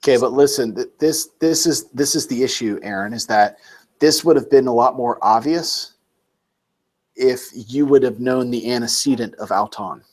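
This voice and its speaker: A man's voice: mid-range voice, moderate pace, a little mellow. A man tutoring a student one-on-one, explaining points patiently and with emphasis. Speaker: Greek tutor.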